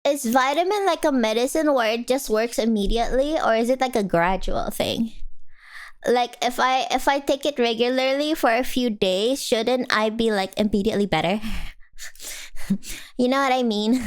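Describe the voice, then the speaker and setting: A young woman streamer with a fairly high voice chats casually with her live viewers at a moderate pace. She reads their messages aloud, giggles often, and rambles from one topic to another.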